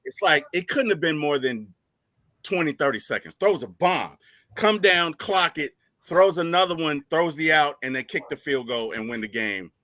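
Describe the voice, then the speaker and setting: A man hosting a casual fan talk show, telling stories in an animated way. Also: fairly high pitch, moderate pace, dry recording. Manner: animated storytelling, rising to excited shouts. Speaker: podcast host.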